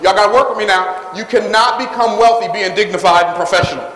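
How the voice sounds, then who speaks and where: High-voiced man working a crowd in an echoey hall. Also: quick pace. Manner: energetic call-and-response with the crowd. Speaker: motivational speaker selling books. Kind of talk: live stage talk to an audience. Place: large hall with live audience. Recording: echoey hall, long reverb.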